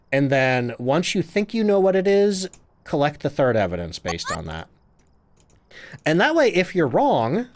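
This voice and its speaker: A man casually chatting on a live game stream, reading out chat questions and answering them while he plays. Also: fairly high pitch.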